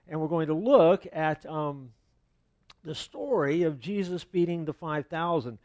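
Conversational pastor with a higher voice. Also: male voice, moderate pace, no echo. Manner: conversational, relaxed, with fillers and asides. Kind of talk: sermon. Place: church.

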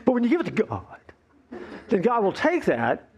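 A male pastor preaching a playful, animated sermon, acting out the voices of complaining people. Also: high-pitched, normal speed, highs cut off.

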